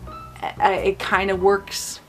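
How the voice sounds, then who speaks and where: A woman's voice: mid-range voice, monotone, slow, over music. A woman hosting a casual film review vlog, opinionated and nitpicking, often laughing between points.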